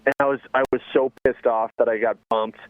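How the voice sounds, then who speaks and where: A man's voice: mid-range voice, steady tone, fairly quick, no echo, narrow, tinny audio. A man hosting a casual podcast chat as a stand-up comic, telling mocking, profane stories.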